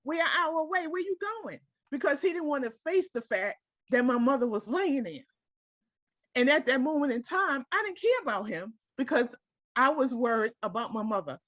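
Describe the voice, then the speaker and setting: Woman, higher voice, emotional personal testimony, direct, dry close sound. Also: sing-song, normal speed, fairly bright tone, no room sound. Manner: emotional, direct, checks in with listeners. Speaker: group participant sharing her story. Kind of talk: personal testimony in a small group.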